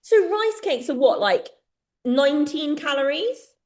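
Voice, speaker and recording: High-pitched woman from England, podcast co-host, chatty, laughs a lot. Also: lively intonation, unhurried, roomy sound, a crowd in the background. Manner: chatty storyteller, laughs often. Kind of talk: casual chat.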